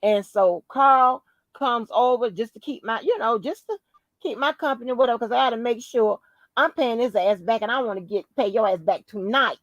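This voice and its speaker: On a low-quality recording with no room sound, a podcast host with a slightly high voice tells a story at normal speed. She curses a lot and leans hard on her words, chatting casually as a profane, animated narrator.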